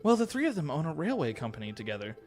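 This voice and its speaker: A man's voice: huge pitch swings, rapid-fire, a little mellow, soft background music. A man playing a sweet young noblewoman cat. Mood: naive chatter. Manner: high, lilting girlish voice.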